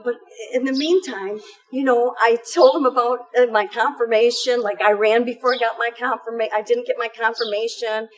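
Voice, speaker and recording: A woman's voice: on the high side, steady tone, normal speed, rough recording. A middle-aged woman giving an emotional personal testimony about her faith, telling it in a fervent, tumbling way full of fillers.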